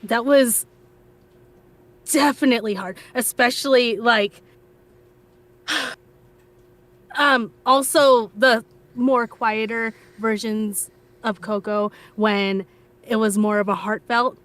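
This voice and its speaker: Voice actress on a stream call, higher voice, talks slow, lots of um and pauses. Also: female voice, fairly bright tone. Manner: slow, hesitant, lots of fillers. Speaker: voice actor in the cast. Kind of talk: casual live chat.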